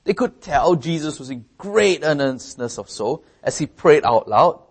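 A man's voice: lively intonation, a little slow, husky. Earnest male preacher. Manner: earnest, rises in pitch and volume for emphasis; repeats and restarts phrases. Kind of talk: sermon.

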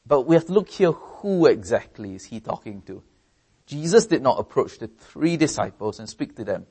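Earnest male preacher. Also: breathy edge. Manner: earnest, rises in pitch and volume for emphasis; repeats and restarts phrases. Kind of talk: sermon.

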